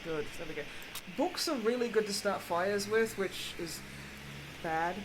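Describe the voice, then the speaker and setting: A woman streaming a video game in casual chat, expressive and quick to swear in outbursts. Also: mid-range voice. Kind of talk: casual gaming livestream chat. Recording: home mic with clear background noise.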